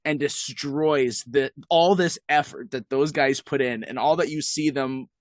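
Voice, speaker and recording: A man's voice: mid-range voice, fairly even intonation, no echo, studio quality. A man co-hosting a podcast, chatting casually and enthusiastically over a video call. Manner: enthusiastic, chatty, quick asides. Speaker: podcast co-host. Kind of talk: casual chat.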